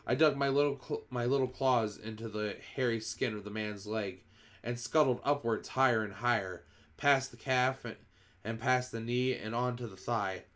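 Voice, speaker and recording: A man's voice: medium pitch, normal speed, fairly bright tone. A man streaming a first-person read-through of a children's book, reading expressively and often going back to restart a phrase.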